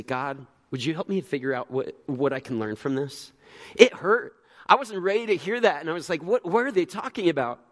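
Man, pastor, sermon, high voice, conversational, earnest, restarts often. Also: a bit bright.

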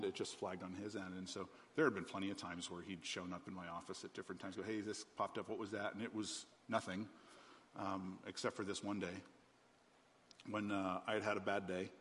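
A man's voice: deep voice, fairly bright tone, a little hiss or hum. A middle-aged man, a pastor, telling a personal testimony in a sermon, talking candidly and conversationally with many ums. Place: church auditorium. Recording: church hall reverb, faint ambience.

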